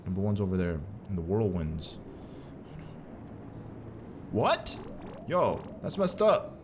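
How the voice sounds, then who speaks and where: A man's voice: sits low, wildly swooping pitch, takes it slowly, background noise. A man giving casual, joking commentary while playing a video game, full of slang and playful trash talk. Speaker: gaming commentator.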